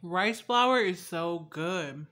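Chatty young woman with a bright voice. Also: fairly low pitch, expressive, extremely slow. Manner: chatty and candid, swearing, swinging from soft asides to loud laughing outbursts. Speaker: vlogger. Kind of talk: casual food taste-test vlog.

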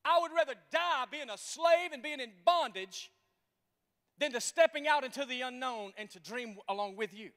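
A man's voice: very high voice, moderate pace, fairly bright tone, in a large hall. A man voicing a frightened, grumbling crowd of former slaves who plead and complain in a whiny tone. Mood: whining.

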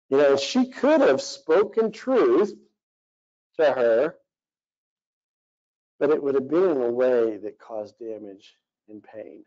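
A man's voice: medium pitch, animated, takes it slowly, long pauses, dark tone. A man in his forties giving a conversational sermon as pastor, earnest and rambling with many fillers. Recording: dull lo-fi recording.

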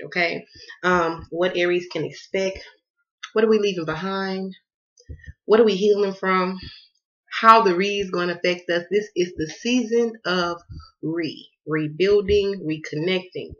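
Southern-accented woman, tarot vlogger, hoarse, playful and cussing, hypes her viewers, slightly dull lo-fi sound. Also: fairly low pitch, fairly bright tone. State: losing her voice. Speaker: tarot card reader. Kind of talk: casual tarot reading vlog.

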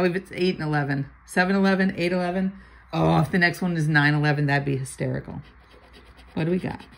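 An older woman from Florida, her voice gravelly and fairly low, chats casually while scratching lottery tickets, calling out numbers and half-muttering asides. The low-quality recording carries a faint hum of room noise beneath her.

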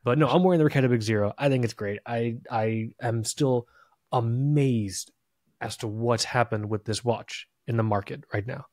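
Speaking at a moderate pace in a mid-range, slightly mellow voice, this podcast co-host chats casually from home late at night. He rambles, jokes at his own expense, and stumbles over words frequently. The audio is studio quality with no room sound.

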